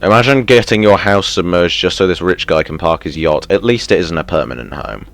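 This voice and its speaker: A man playing a video game and commenting as he goes, muttering to himself, then bursting into yelps and shouts of excitement. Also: low-pitched, a little fast, dry recording, soft background music. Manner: excitable, self-mocking, sudden yelps and mutters. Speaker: gaming streamer. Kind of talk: let's play commentary.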